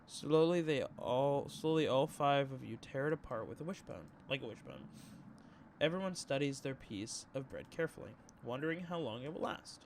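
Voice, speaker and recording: A man's voice: medium pitch, expressive, moderate pace, darkish tone, slight background noise. Casual young man reading a game. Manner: casual, reacts with slang asides. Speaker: streamer. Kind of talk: reading a story game aloud. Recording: game music behind voice.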